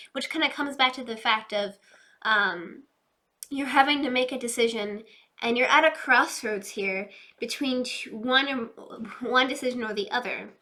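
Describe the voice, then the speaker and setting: A woman doing a casual, chatty tarot reading, fast-talking and loose, addressing her viewers directly. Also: fairly high pitch, bright, forceful tone. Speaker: tarot reader.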